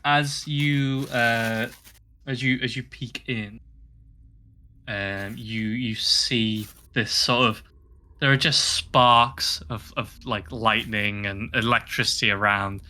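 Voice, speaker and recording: A man's voice: medium pitch, steady tone, slow pace, pushed and bright. A man narrating as game master of a tabletop game, hesitant and full of fillers.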